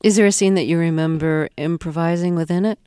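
An interviewer puts questions to a guest with open curiosity and easy laughter. The voice sits in a middle pitch. It is recorded close and dry. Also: steady tone, fast, dark tone, clear, resonant tone, no room sound. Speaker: radio interviewer.

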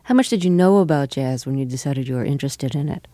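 A woman's voice: rumbling low, lively intonation, fast talker, warm tone, no echo. A woman interviewer asking curious, probing questions. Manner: curious, inquisitive.

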